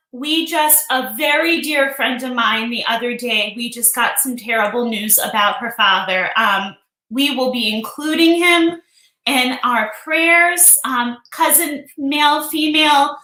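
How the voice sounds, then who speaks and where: A woman's voice: high voice, takes it slowly, pushed and bright. A woman hosting a casual live stream, chatty and emotional, greeting viewers by name. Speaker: livestream host. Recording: echoey room.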